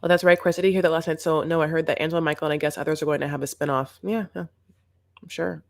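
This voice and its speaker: A woman's voice: low-pitched, fairly even intonation, very fast, vocal fry. Chatty, sarcastic young woman. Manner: chatty, sarcastic, rambling with fillers. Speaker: co-host of a reality TV recap show. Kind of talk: casual chat.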